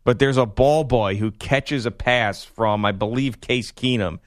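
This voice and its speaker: A man's voice: mid-range voice, unhurried, no echo, clean studio sound. A man hosting sports talk radio, joking and laughing through casual banter with co-hosts.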